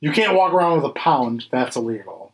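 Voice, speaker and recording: A man's voice: a little high, expressive, brisk, over a noisy crowd, poor audio. A man co-hosting a podcast in casual chat, laid-back, swearing freely and repeating himself. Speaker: podcast co-host.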